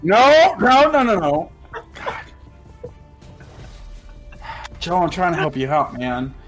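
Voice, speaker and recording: A man's voice: a little high, moderate pace, over music, natural voice. A man voicing a blunt, pushy male innkeeper who gets flustered while lecturing a guest. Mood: pleading.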